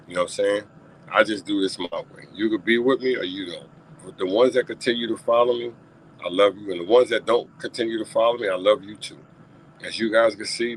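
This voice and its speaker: Deep-voiced New man ranting sports. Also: slight background noise, rough recording. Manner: passionate, repetitive, rising to near-shouting rants. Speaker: talk show host. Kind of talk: unscripted sports talk stream.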